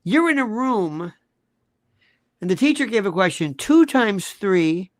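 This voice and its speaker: A man's voice: sing-song, measured pace, dry recording, clean studio sound. Blunt, mocking older male ranting host. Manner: blunt, crude and mocking, shifts pitch a lot. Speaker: political commentary host. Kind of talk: ranting political commentary.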